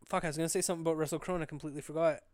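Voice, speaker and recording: A man's voice: fairly high pitch, steady tone, rapid-fire, a little mellow, dry recording, clean studio sound. A young man co-hosting a podcast, chatting casually with profane, laid-back banter. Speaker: podcast co-host. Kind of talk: casual chat.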